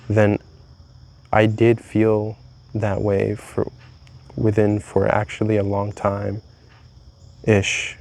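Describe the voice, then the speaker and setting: A man's voice: fairly low pitch, monotone, takes it slowly, vocal fry, long pauses, a little mellow. A young man vlogging a candid, rambling confessional monologue, swearing freely as he talks.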